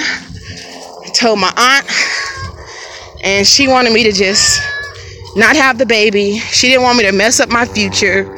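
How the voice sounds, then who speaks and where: Woman, vlogger, high voice, frank and chatty, talks straight to viewers, outdoors by a lake. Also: lively intonation, measured pace, pauses often, pushed and bright, slight background noise, poor audio. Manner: frank and conversational, addresses viewers directly. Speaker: family vlogger. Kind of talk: candid personal storytelling.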